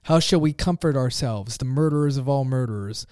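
A man's voice: mid-range voice, a little fast, darkish tone, clean tone, dry recording, clean studio sound, natural voice. A man voicing a frantic grown man who cries out urgent questions to a crowd, read in a declaiming way. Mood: anguished.

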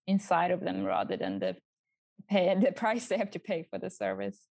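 A woman's voice: on the low side, sing-song, moderate pace, vocal fry, darkish tone, dry recording. A woman asks interview questions, with brief, affirming replies in between.

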